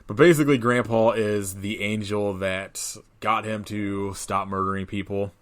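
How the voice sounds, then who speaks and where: A man's voice: on the low side, steady tone, measured pace. A man co-hosting a podcast, recapping a film in casual chat, laughing often and swearing freely. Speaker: podcast co-host.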